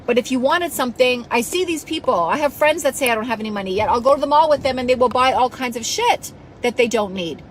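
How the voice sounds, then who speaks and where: A woman's voice: high-pitched, expressive, a little fast, hardly any pauses, slight background noise, poor audio. A woman coach giving a passionate, blunt motivational talk to her followers, scolding them now and then and swearing casually. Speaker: self-help coach.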